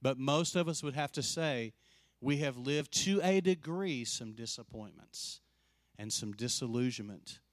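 Animated preaching pastor, dry close sound. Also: male voice, medium pitch, no echo. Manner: animated storyteller, acts out quoted voices; drops soft and slow for emphasis. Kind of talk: sermon.

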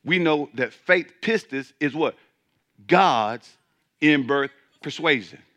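A man's voice: a little high, lively intonation, takes it slowly, pushed and bright. A man preaching a sermon as pastor, emphatic, repeating words as he restarts and calling out to his listeners. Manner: calls out to the congregation.

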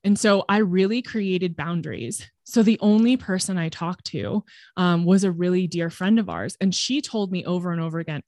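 Frank podcast guest, woman, expressive storyteller who swears casually; dry recording. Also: fairly low pitch, moderate pace, no room sound. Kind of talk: candid conversational storytelling.

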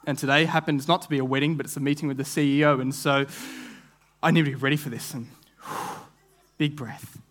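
A man's voice: a little high, steady tone, brisk, fairly bright tone. A young man preaching a sermon, telling a vivid story with frequent restarts and repeated words. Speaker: guest preacher.

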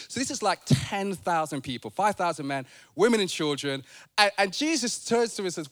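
A man preaching a sermon in a church, animated, playful and conversational. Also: sits high, brisk. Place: church sanctuary.

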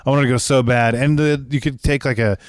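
Chill guy rambling on a podcast, smooth clear voice, dry close mic, says dude constantly. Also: mid-range voice, steady tone, a little fast, dry recording. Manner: laid-back, rambling, lots of "dude" and "like". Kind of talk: casual comedy podcast chat.

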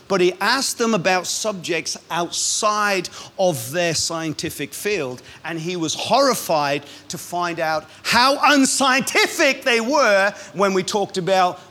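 A man, a pastor, preaching a sermon in a lively, punchy way with quick asides. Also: sits high.

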